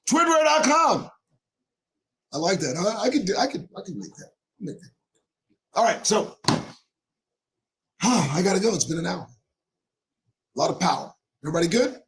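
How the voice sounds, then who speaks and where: A man in his forties, hosting a show, talking to viewers in a preachy, joking way that breaks into shouting, his voice going hoarse. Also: high voice. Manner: preachy, jokey, bursts into shouting. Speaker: show host. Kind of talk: monologue to viewers.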